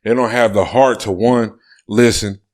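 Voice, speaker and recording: A man's voice: on the low side, steady tone, measured pace, a little mellow. A man co-hosting a casual podcast, talking emphatically, repeating his phrases and swearing freely. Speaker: podcast co-host.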